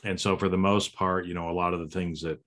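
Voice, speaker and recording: Low-voiced guy hosting a podcast, chatty and loose, jumps into goofy high voices now and then. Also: quick pace. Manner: animated, breaks into silly high voices. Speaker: podcast host. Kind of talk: casual conversation.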